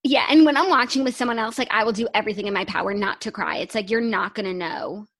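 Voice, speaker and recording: A young woman co-hosting a podcast in casual chat, agreeable and expressive as she reacts and shares her opinions. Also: medium pitch, fast. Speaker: podcast co-host.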